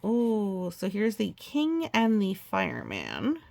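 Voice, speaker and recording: A woman's voice: mid-range voice, wildly swooping pitch, slow, gravelly, a little mellow. A woman reading a children's picture book aloud, adding chatty, playful asides. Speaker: storybook reader.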